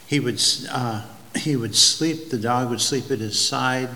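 Male preacher, slow and deliberate sermon delivery, halting restarts, long church-hall reverb. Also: medium pitch, sharp tone. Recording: long hall reverb, faint ambient noise.

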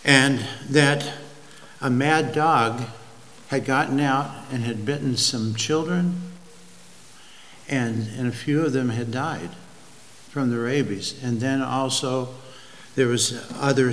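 Male preacher, slow and deliberate sermon delivery, halting restarts, long church-hall reverb. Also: mid-range voice, fairly bright tone. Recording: long hall reverb, faint ambient noise.

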